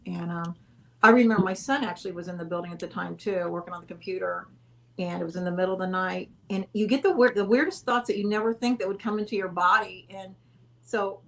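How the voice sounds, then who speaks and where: A woman's voice: lowish voice, creaky. A woman guest in a casual interview, telling a long story in a rambling way, correcting herself and laughing often.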